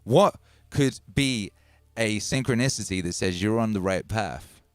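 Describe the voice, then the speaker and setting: A man from Wales with a Midlands accent touched by Welsh, hosting a casual livestream, animated and swearing freely, repeating lines for emphasis. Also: lowish voice, a little slow, no room sound. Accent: English Midlands with a Welsh tinge. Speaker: music producer hosting a livestream.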